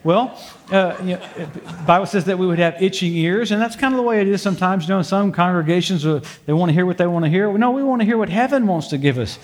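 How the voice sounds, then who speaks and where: A man's voice: sits high, quick pace. An older man in his sixties preaching a sermon to a congregation in a church, folksy and humorous, dropping in praise and amens between stories, then leading a prayer. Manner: folksy, humorous storytelling with frequent praise interjections. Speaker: pastor. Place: church sanctuary before a congregation.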